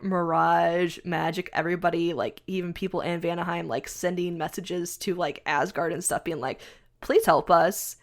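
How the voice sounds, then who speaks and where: A woman co-hosting a podcast, recapping a comic storyline in casual chat and acting out characters' lines as she goes. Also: on the low side. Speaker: podcast co-host.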